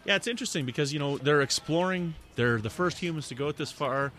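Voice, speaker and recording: A man's voice: fairly high pitch, quick pace, a bit bright, soft background music. A man guesting on a podcast, talking enthusiastically and casually with many fillers during a commentary. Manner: enthusiastic, talks with many fillers like "you know" and "right".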